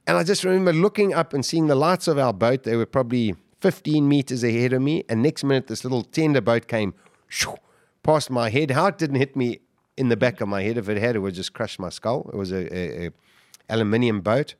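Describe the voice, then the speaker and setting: Speaking fairly quickly in a medium-pitched voice, this middle-aged man vividly retells a survival story as a podcast guest, acting out what he said. The studio sound is clean, with no echo.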